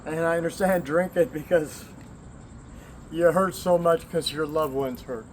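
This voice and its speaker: A man from the American Southwest, in his forties or older, rambles candidly in a personal vlog, swearing, laughing often and talking in short bursts. His voice is fairly high and measured, with a little hiss or hum.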